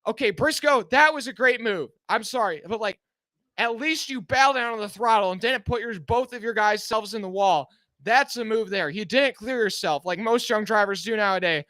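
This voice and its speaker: A man live-streaming a car race, giving excited, anxious fan play-by-play and pleading with the drivers, sounding out of breath. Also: high voice, normal speed, no echo, clean studio sound.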